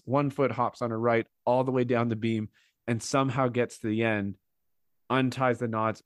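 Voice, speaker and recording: A man's voice: mid-range voice, no room sound. Man recapping a TV show, dry sound. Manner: rambling, animated play-by-play retelling. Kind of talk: casual podcast recap.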